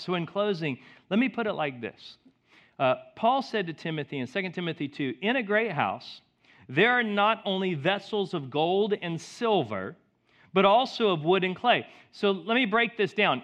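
A middle-aged man preaching a sermon as pastor, telling stories with a lively swing between loud outbursts and quiet, soft passages. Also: high voice. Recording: dull lo-fi recording.

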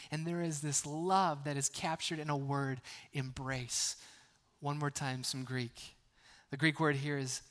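A man preaching in a fairly high voice, talking to the congregation as if in conversation. He falls to near whispers on tender lines and then rises into loud, emphatic bursts, with light jokes between earnest points. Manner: conversational, with frequent restarts and asides; swings from hushed, almost whispered passages to loud emphatic bursts. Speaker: pastor. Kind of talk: sermon.

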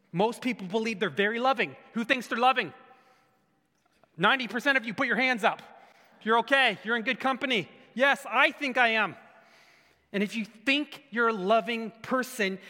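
A man preaching a sermon in an animated way, asking the crowd rhetorical questions and breaking into sudden shouts. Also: sits high. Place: church hall. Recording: echoey hall with long reverb.

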